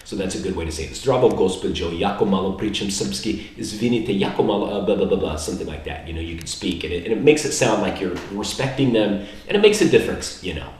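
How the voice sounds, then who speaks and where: Man, low voice, casual rambling lesson, very echoey room, mic far off. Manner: relaxed, rambling, slows down to spell out foreign words. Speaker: language learner teaching basic phrases. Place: indoor room in Serbia.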